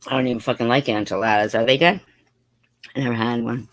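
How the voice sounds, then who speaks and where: A man's voice: mid-range voice, fairly even intonation, fast talker, a bit bright, dry recording. A man reading out and mocking a livestream chat in a sarcastic, heavily profane way. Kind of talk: casual livestream commentary.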